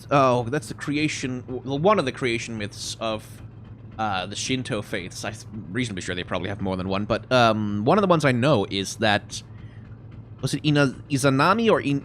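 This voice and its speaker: A man's voice: mid-range voice, fairly bright tone, a little hiss or hum. A man hosting a gaming channel, giving rambling, casual let's-play commentary with hesitations.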